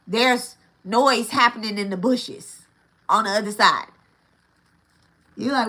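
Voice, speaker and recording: Woman, spiritual teacher, bright ringing voice, casual and profane, repeats herself for emphasis. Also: a little high, slow, pauses often. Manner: blunt and profane, with frequent checks of "right?" and "okay?"; repeats key phrases for emphasis.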